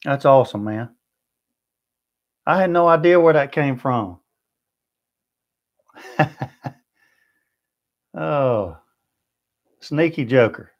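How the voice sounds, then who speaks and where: Man, Southern US accent, livestream host, friendly chat, answers comments, medium pitch, muffled lo-fi sound. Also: animated, slow pace, pauses often. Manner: friendly, chatty, answers viewer comments one by one. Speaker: BBQ channel host.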